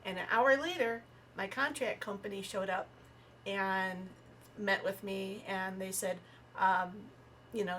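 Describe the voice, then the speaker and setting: A woman comedian on a podcast shares personal stories in an easygoing chat, bringing them to life by voicing the people in them. Her mid-range voice is unhurried, heard over slight background noise.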